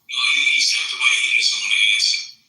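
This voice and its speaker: A man's voice: a little fast, sharp tone. A man hosting a live audio chat room, blunt and profane, confronting a speaker. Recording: echoey, distant phone audio.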